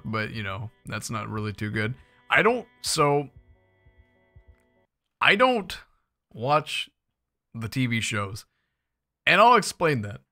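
A young man talks through his game in a loose, playful way, his voice bright and bouncing up and down as he gets excited. He speaks into a desk mic with faint music playing softly underneath. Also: medium pitch, vocal fry. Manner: playful, excitable, jokey asides to viewers. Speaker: gaming YouTuber. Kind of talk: casual gameplay commentary.

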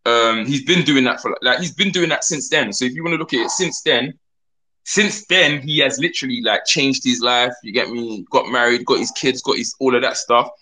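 A man's voice: medium pitch, normal speed, pushed and bright, poor audio. A man, a rapper guest telling stories in a rambling, slang-heavy way that often restarts. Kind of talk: casual storytelling chat.

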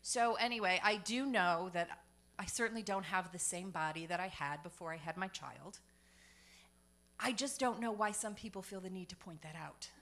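A woman's voice: on the low side, normal speed, a bit bright. A woman performing a stand-up comedy set on a comedy club stage, chatty and self-deprecating with punchline-driven timing.

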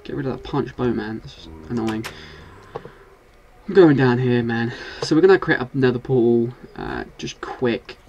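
Excitable man doing gameplay commentary. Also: medium pitch, normal speed, gravelly, hardly any pauses, lo-fi sound, slight background noise. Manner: excitable, swears and scolds game monsters. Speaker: gaming video host.

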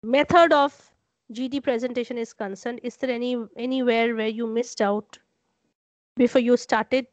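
A woman's voice: fairly high pitch, fairly even intonation, moderate pace. A woman lecturer with an Indian English accent, giving corrective feedback over a video call and repeating her points. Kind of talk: online class feedback. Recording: dull lo-fi online call audio.

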